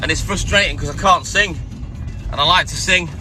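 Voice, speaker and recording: A hoarse man chatting calmly to viewers on a live stream from inside his van. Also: brisk, over music. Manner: keeping his voice calm and low, chatting to viewers. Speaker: livestreamer. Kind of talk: casual live-stream chat.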